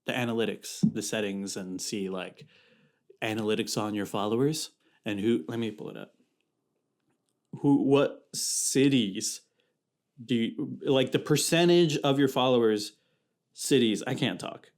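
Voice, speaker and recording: A man's voice: medium pitch, measured pace. A young man from California hosting a solo podcast, chatting casually in a rambling, slangy way that keeps interrupting itself. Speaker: podcast host.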